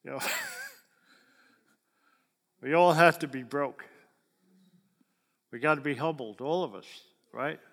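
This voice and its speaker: Man, preacher, sermon, folksy, asks the crowd questions, slightly high pitch, reverberant hall. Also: takes it slowly, long pauses, a bit bright.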